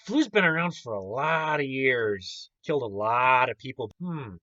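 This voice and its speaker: A man's voice: medium pitch, expressive, measured pace, sharp tone, no echo, lo-fi sound. A man hosting his own commentary channel, ranting in a heated, sarcastic and indignant way.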